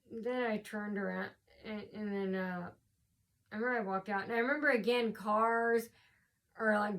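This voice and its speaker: A woman's voice: mid-range voice, fairly bright tone. Rambling tired woman telling a story. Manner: rambling, repetitive, many fillers and restarts. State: tired from lack of sleep. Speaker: vlogger.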